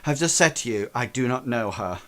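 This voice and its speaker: A man's voice: medium pitch, lively intonation, a little fast, pushed and bright. A man voicing an arrogant male stage magician in cape and top hat, with an English accent, haughty and dismissive.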